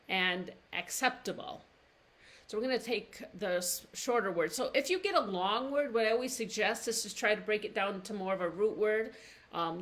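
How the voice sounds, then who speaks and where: A woman teaching pronunciation in a live-streamed lesson, drawing words out slowly and breaking them into syllables. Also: medium pitch, a bit bright. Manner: slow, drawn-out demonstrations of words, syllable by syllable. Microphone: livestream camera mic.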